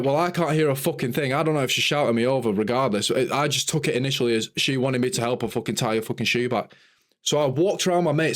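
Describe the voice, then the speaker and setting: A young man telling an animated, sweary story in a casual podcast chat. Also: mid-range voice. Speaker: podcast host.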